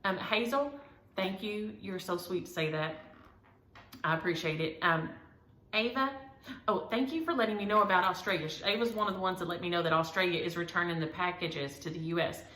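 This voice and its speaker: Low, bright-voiced woman. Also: a little fast, echoey room. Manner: rambling, homespun storytelling. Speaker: cross-stitch vlogger. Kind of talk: casual chat to viewers.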